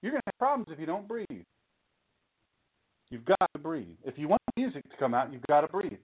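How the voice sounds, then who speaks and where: A man's voice: on the high side, very animated, fairly quick, husky. A man giving an informal sermon talk as a preacher, chatty and joking, full of rhetorical questions and asides. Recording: tinny phone-like sound.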